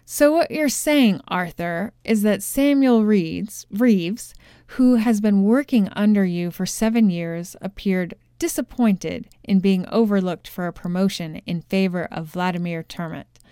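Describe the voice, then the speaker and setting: A sharp courtroom questioner, as a woman reads her, presses a nervous witness with probing questions. The delivery is slow and smooth. It is close and dry. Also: medium pitch, no room sound, lightly acted. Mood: pressing.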